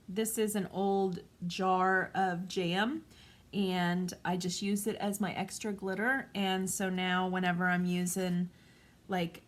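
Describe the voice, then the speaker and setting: Calm, lower-pitched woman in her forties. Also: very noisy. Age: 40s. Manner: gentle, calm and chatty. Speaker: craft vlogger. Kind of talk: casual craft tutorial.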